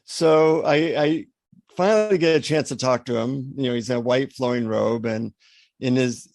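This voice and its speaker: A man telling a personal story as a podcast guest, acting out the dialogue in a lively, anecdotal way. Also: medium pitch, normal speed, gravelly, no room sound. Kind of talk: storytelling in an interview.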